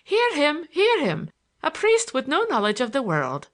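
A woman's voice: high-pitched, huge pitch swings, moderate pace, pitched above the performer's own voice. A woman voicing a boisterous Irish man who teases and declaims with mock grandeur. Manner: mocking, declamatory.

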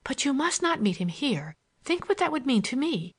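A woman reading a storybook, voicing an anxious young society girl who pleads in a hurried, soft way. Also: high voice, big pitch swings, pitched above the performer's own voice. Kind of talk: audiobook character voice.

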